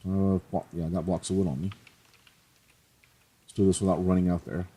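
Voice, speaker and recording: Let's play host, male, low and husky, chatty and jokey. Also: little pitch movement, moderate pace, dark tone. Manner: chatty, joking, self-mocking. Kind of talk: casual gameplay commentary.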